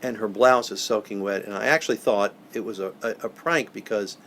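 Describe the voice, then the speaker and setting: Older male guest, gravelly, earnest, halting interview storyteller. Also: on the low side, fairly bright tone, a little hiss or hum. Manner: earnest, halting, repeats words when moved. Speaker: professional Santa, guest.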